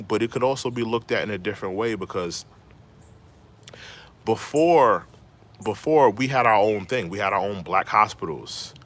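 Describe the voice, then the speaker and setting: A man's voice: lowish voice, fairly bright tone, a little hiss or hum. A man hosting a casual livestream, giving his opinions at length with many "you know" fillers. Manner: reads viewer comments aloud and answers them. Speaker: livestream host.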